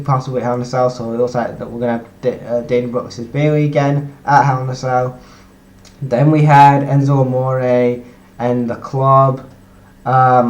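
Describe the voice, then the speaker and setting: A man's voice: medium pitch, darkish tone, muffled recording. A young man casually recapping a wrestling show, rambling and restarting his sentences with lots of ums. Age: young adult. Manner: rambling, repeats himself, frequent "obviously" and "um". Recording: roomy echo.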